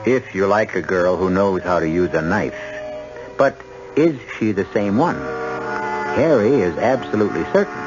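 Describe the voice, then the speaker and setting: A wry, dramatic radio drama host with a deep, lively voice. Music plays behind him in a muffled, lo-fi vintage broadcast. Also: male voice, measured pace. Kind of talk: 1970s radio drama hosting. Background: music score.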